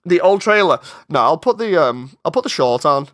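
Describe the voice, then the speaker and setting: A man's voice: on the high side, very animated, moderate pace, a bit bright. A man chatting casually on a live stream while working on his animation, rambling, interrupting himself and getting exasperated.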